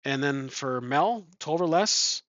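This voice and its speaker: A man's voice: fairly high pitch, lively intonation, slow, fairly bright tone, no echo. A man playing a tabletop game alone, making it up as he goes and thinking aloud with many ums. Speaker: solo tabletop game player. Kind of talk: improvised game narration. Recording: dull lo-fi sound.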